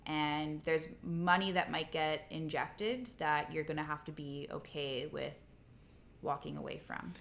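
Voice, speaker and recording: A woman's voice: low voice, level tone, a little slow, creaky. A woman co-hosting a casual livestream chat, talking in a conversational way with frequent restarts. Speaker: co-host.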